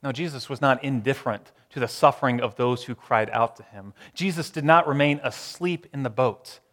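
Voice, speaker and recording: Man preaching with dramatic hushes. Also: mid-range voice, big-room sound. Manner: dramatic pauses, swings from loud to hushed. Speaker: pastor. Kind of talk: sermon.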